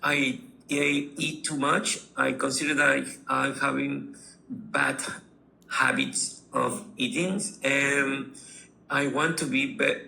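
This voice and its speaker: A man from Peru with a Peruvian Spanish accent, speaking halting learner English in a class on a video call. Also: medium pitch, little pitch movement, gravelly, sharp tone, low-quality recording. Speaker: student. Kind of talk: casual conversation.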